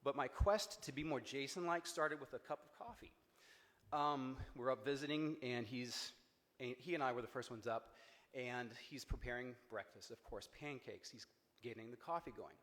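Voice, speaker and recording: A man from Cincinnati giving a personal memorial speech, storytelling with humor and jumps in pitch for emphasis. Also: normal speed, fairly bright tone. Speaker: eulogy speaker, friend of the deceased. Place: memorial service hall. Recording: echoey hall with long reverb.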